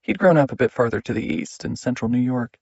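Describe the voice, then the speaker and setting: A man narrating an audiobook in a measured, steady reading. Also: mid-range voice, creaky, slightly rough, no echo, lo-fi sound.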